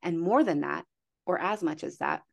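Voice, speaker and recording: Chatty, animated woman, lowish voice. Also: normal speed, creaky. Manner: animated, chatty, many fillers and acted-out inner voices. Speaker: wellness coach guest. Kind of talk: casual podcast conversation.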